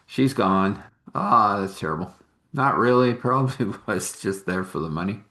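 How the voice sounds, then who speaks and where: A man's voice: fairly low pitch, expressive, slow pace, sharp tone. A man telling a rambling, homely story in a casual way, chuckling often.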